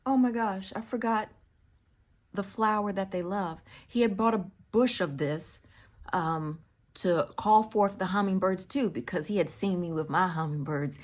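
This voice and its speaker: Low, husky-voiced woman storyteller. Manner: drops into whispers for emphasis; reflective, spiritual musing. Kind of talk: casual spoken storytelling.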